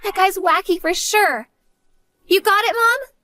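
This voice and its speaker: A woman's voice: very high-pitched, unhurried, sharp tone, full character voice. A woman doing an earnest college-age daughter. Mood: frightened. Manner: earnest, pleading.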